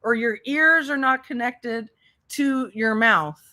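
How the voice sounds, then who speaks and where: A woman's voice: on the high side, takes it slowly, pushed and bright. A woman hosting a reaction commentary, talking in a sarcastic, mocking way. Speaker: commentary channel host.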